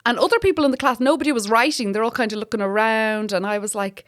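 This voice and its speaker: This woman from Ireland talks fast in a fairly high voice, a comedian guest in an easygoing chat. She spins lively tales, curses without hesitation, and laughs frequently.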